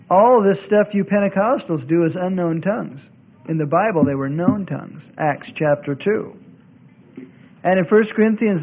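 A man teaching a Bible class, arguing his points and repeating them for emphasis. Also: sits high. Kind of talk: classroom lecture. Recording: tinny lo-fi tape, phone-like.

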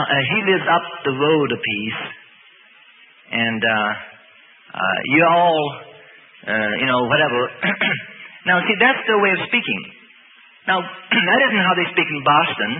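A man's voice: a little high, a little hiss or hum. A man preaching a sermon in a folksy, rambling way, with plenty of fillers. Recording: tinny lo-fi radio broadcast with reverb.

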